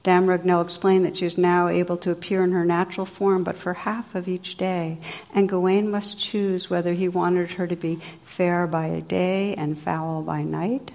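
Woman calmly reading an old legend. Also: fairly low pitch, normal speed, vocal fry. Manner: calm, expressive storytelling. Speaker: meditation teacher. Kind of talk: reading a legend aloud in a dharma talk.

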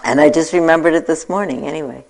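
A woman in her sixties giving a reflective dharma talk as a meditation teacher, telling a personal story with gentle self-mocking humor. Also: deep voice, fast talker, creaky, poor audio. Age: 60s.

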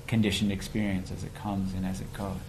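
Man, low voice, flat delivery, slow and searching, meditation talk. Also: a little hiss or hum, rough recording. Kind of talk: conversational dharma talk.

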